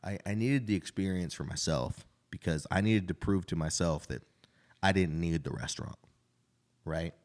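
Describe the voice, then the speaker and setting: A man's voice: low-pitched, normal speed, a little mellow. A man in his thirties, a restaurant owner, telling his life story in casual, frank conversation and often adding "right?". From Idaho.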